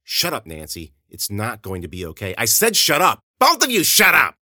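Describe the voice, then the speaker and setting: A man's voice: low voice, normal speed, sharp tone, dry recording, studio quality. A man voicing a brutal, volatile male captor who screams his orders in a story reading. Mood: furious. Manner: screaming, explosive rage.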